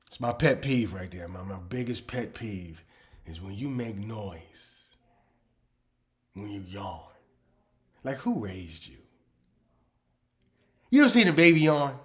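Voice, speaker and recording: Slow-talking man ranting comedically. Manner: animated ranting, swings from low mutters to loud outbursts. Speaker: comedian host. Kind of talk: comedic monologue.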